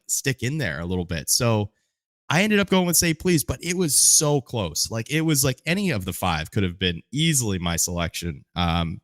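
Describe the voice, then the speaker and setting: A man's voice: medium pitch, fairly bright tone, no room sound, studio quality. A man speaking as a podcast guest in casual chat, hesitant, with lots of fillers and laughs.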